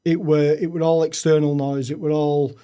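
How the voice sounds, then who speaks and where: A young man, a podcast guest telling his own story frankly, with halting restarts. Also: fairly high pitch, little pitch movement, dark tone, clean tone. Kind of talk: candid personal storytelling.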